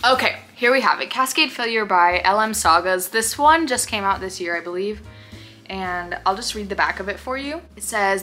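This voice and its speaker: Woman book vlogger, bright crisp tone, gushing and gasping over each pick. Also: medium pitch, lively intonation, normal speed, soft background music. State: out of breath. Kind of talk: casual reading vlog.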